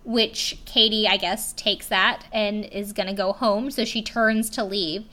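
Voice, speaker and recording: A young woman tells a story in a loose, chatty way, her voice bright and forward. She leans on "like" between phrases and swears casually as she goes. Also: mid-range voice, animated, moderate pace, few pauses. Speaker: video recapper.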